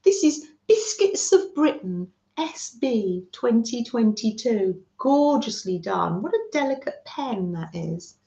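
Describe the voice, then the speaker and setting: A woman's voice: a little high, darkish tone. A middle-aged woman from the UK hosting a craft livestream, gushing and chatting with her viewers. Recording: roomy, dull lo-fi home stream audio.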